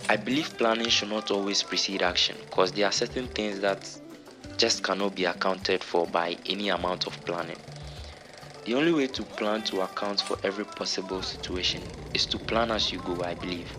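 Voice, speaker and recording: A man's voice: low-pitched, normal speed. A man vlogger giving motivational voice-over narration in an earnest, preaching tone. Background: music.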